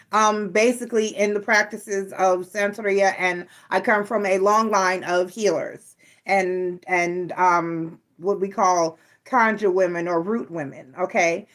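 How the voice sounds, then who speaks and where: A woman's voice: medium pitch, fairly bright tone. Middle-aged woman, casual tarot host, playful and teasing, close mic. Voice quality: chatty, playful, teasing asides. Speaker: tarot reader and channel host. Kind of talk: casual chat to viewers.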